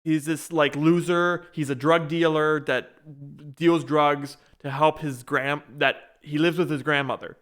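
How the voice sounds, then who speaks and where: A man's voice: on the high side, steady tone, unhurried, few pauses, a bit bright. A young man co-hosting a casual podcast chat, rambling through a show's plot with many restarts and fillers. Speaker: podcast co-host.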